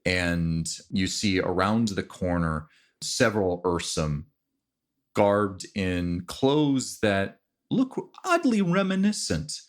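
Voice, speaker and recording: Brief: male game master, very low voice, measured unhurried narration. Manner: relaxed, descriptive, with fillers and restarts.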